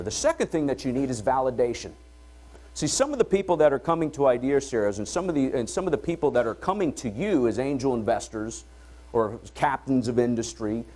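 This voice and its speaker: Lively middle-aged man hosting a conference. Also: medium pitch. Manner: energetic, conversational, asks "all right?" to the room. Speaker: event host and entrepreneur. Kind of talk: conference opening talk. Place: conference hall before an audience.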